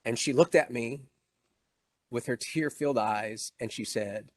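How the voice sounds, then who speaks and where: Speaking slowly with long pauses, a middle-aged man delivers an inspirational keynote as a motivational speaker, recounting a personal story with emphasis and growing emotion. His voice is mid-range and the recording has no echo.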